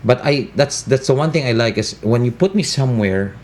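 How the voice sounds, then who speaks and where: A man's voice: medium pitch, lively intonation, fairly quick, a little mellow, slight background noise. A Filipino man in his forties, a radio DJ, speaking English with a Californian-tinged American accent and slipping into Tagalog and Bisaya while laughing often. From Philippines. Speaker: radio DJ and voice-over talent. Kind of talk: interview chat.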